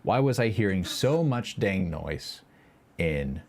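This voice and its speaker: Deep-voiced Midwestern man, lively pitch. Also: slow, gravelly. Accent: Midwestern American. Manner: rambling, with frequent fillers and chuckles. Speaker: livestream host. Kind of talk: casual live-stream chat. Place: home project room. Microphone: dynamic or lavalier mic, close.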